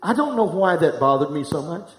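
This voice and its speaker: A middle-aged pastor preaching live to a congregation, candid and humorous, telling a personal story and speaking to the room directly. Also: male voice, on the high side, lively intonation, brisk, fairly bright tone. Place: church hall, live before a congregation. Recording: echoey room.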